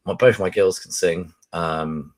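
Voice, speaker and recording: A man's voice: sits low, measured pace. A middle-aged man hosting a podcast, rambling through a self-mocking story in casual chat. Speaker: podcast host.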